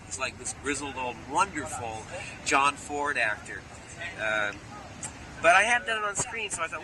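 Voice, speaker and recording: A chatty, playful man with an easy middle-pitched voice, swerving into little character voices as he tells stories. He is recorded outdoors, with clear street and car noise running under his talk. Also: expressive, normal speed. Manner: playful storyteller who slips into character voices. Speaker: actor interviewee. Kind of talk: animated interview chat. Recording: outdoor interview with traffic noise.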